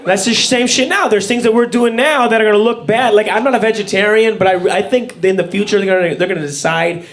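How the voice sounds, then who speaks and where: A man's voice: high voice, fast talker. A man performing a stand-up comedy set, ranting with sarcastic, incredulous, profane delivery. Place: comedy stage before a laughing audience. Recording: live room with loud crowd laughter.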